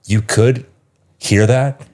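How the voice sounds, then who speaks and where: A man's voice: medium pitch, steady tone, slow, darkish tone. A man in his thirties, a yoga teacher and coach, talking as a podcast guest, telling a personal story with passion and plenty of swearing. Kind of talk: casual podcast conversation.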